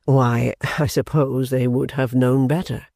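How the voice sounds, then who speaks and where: A grave, thoughtful gentleman, voiced by the male narrator, who speaks slowly and evenly in a low register. The voice is warm and mellow. The recording is close and dry. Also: level tone, vocal fry, no echo. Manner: slow, measured, low.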